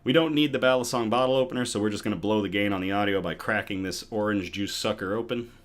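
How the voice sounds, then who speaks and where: A man's voice: lowish voice, fast, background noise. A man hosting his own live good-news show from home, chatty and self-deprecating, a little out of breath. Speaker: host.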